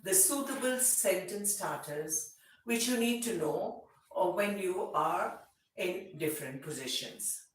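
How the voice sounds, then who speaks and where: Low-voiced woman teaching English. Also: expressive. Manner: slow, explanatory, with many example phrases. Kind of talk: spoken English lesson. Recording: echoey room, speaker far from mic.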